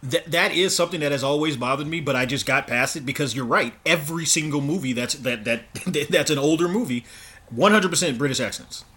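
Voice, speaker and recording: A man's voice: on the high side, fairly quick, bright, forceful tone. A man co-hosting a podcast, talking casually and enthusiastically, often laughing. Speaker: co-host.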